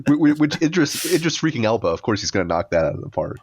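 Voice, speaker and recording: A man in casual podcast chat, eager and quick to laugh. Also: medium pitch, very animated, husky, no room sound.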